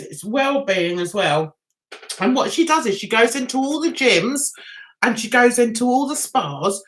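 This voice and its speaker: A middle-aged English woman telling a chatty, animated story on her livestream, laughing at herself. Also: fairly high pitch. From England. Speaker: YouTuber.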